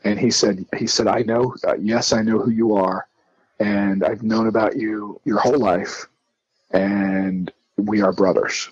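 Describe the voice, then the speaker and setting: A man's voice: on the low side, normal speed, husky, no room sound, lo-fi sound. A middle-aged man from New Jersey, a guest telling his story casually and acting out the dialogue with lots of restarts. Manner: animated, acts out quoted dialogue with many restarts.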